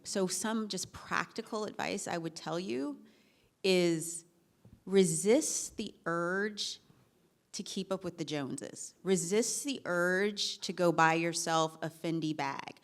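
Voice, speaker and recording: A middle-aged woman on a discussion panel giving practical career advice, animated, with laughing asides and acted-out quotes. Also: lowish voice, takes it slowly.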